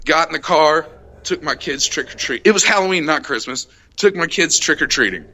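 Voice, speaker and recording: A young adult man hosting a casual podcast, telling a heated, profane road-rage story and acting out the shouting. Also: on the high side, animated, a little fast. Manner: profane, heated retelling, acts out shouted quotes. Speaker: podcast host.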